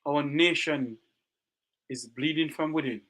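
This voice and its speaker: Jamaican talk show host, high bright voice, fired up and close to tears. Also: male voice, unhurried. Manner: impassioned, rhetorical questions. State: near tears. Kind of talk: emotional talk show monologue.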